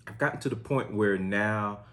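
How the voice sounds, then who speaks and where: A man's voice: on the low side, moderate pace, fairly bright tone. A man in his thirties co-hosting a podcast, teasing his co-host and explaining things in a laid-back way. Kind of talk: casual chat.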